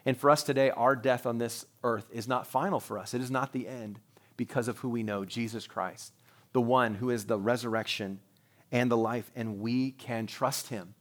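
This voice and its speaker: A middle-aged man preaching a sermon as pastor, animated and joking, with chatty asides to the congregation. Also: medium pitch, moderate pace.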